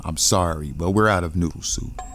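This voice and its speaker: A man's voice: low voice, moderate pace, a bit bright, soft background music. A man voicing a nervous, polite male noodle shop owner in a plain tone.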